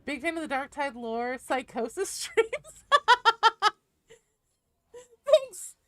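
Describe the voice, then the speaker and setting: A woman's voice: extremely slow, dry recording. A woman streaming a game, chatting casually, joking and swearing as she greets viewers. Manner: joking, swears, bursts into high excited greetings.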